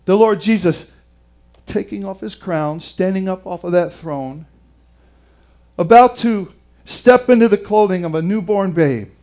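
Man, preacher, sermon, high voice, slow deliberate pace, dramatic emphatic delivery. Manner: dramatic, emphatic delivery with wide swings in loudness.

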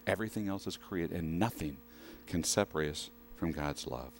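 A man's voice: low voice, normal speed, soft background music. A man preaching a sermon in a conversational way, often asking the congregation questions. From western United States.

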